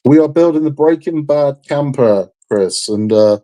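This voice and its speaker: His voice is fairly high and animated yet a little slow and mellow. He's a man running a live model-building stream, chatting in a casual, frank way. Feeling tired and unwell, he rambles and repeats himself.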